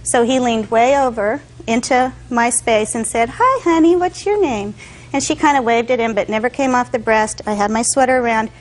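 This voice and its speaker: A woman's voice: on the high side, steady tone, a little fast, few pauses, rough recording. A young woman testifying as a defendant in court, telling her story with animation and acting out other people's voices.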